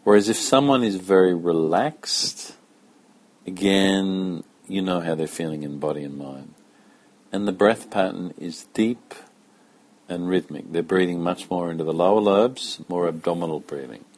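A man giving a slow, calm spoken lesson as a yoga teacher, talking in a measured, deliberate way with pauses. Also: low-pitched, husky.

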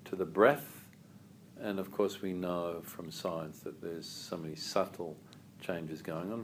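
A man teaching a yoga class, calm and asking the group questions. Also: deep voice, a little hiss or hum.

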